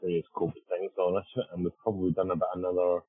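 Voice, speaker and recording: Low husky man on a phone-like line. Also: flat delivery, fast, dry recording. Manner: rambling and repeats himself. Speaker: podcast co-host, deep-sea scientist. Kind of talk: casual talk over satellite link. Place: research ship at sea. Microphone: satellite internet call. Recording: narrow phone-like call line.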